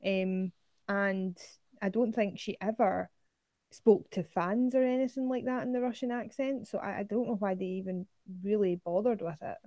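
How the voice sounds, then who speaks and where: A woman co-hosting a podcast who gives her opinions in a measured, casual chat. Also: medium pitch, dark tone, no echo. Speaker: podcast co-host. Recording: dull lo-fi sound.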